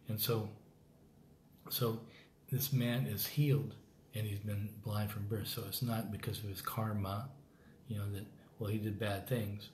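A man's voice: on the low side, little pitch movement, a little slow. An American man hosting a Bible reading program, giving rambling, earnest, informal commentary that often breaks off and restarts. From United States. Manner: rambling, self-interrupting, earnest. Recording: echoey room with faint background noise.

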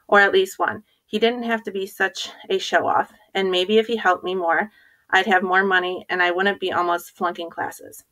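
A woman's voice: medium pitch, a bit bright, poor audio. Woman reading a children's chapter book aloud.

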